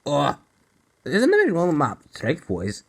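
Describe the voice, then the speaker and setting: A man voicing a boastful male steam engine who talks in a gruff ogre voice, loud and drawn out, over background music. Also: a little high, wildly swooping pitch, dry recording, exaggerated voice. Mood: puzzled. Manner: loud, taunting, drawn-out calls.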